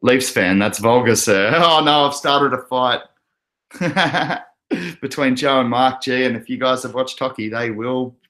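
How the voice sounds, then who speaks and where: A man's voice: medium pitch, fairly even intonation, unhurried, sharp tone. An Australian man hosting a casual crypto livestream, chatting loosely and laughing often as he reads out viewer comments. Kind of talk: casual live chat reading comments.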